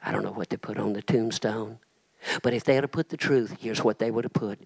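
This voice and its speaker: Older preacher, dramatic revival style, hushed whispers swelling to full shouts. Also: male voice, fairly low pitch, fairly even intonation, a little fast, vocal fry, slightly rough.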